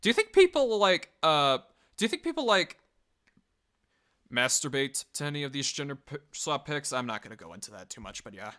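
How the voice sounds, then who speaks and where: Rambling man with a smooth, higher voice. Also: very animated, a little fast, a bit bright. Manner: rambling, swearing, laughing, mocking voices when reading comments. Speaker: video reviewer. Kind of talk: casual commentary reading online comments.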